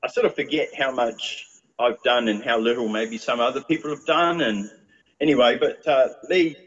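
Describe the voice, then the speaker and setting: A man's voice: medium pitch, moderate pace, a bit bright, dull audio. A man, chatting casually as a guest with a rambling manner and lots of fillers. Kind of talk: casual chat.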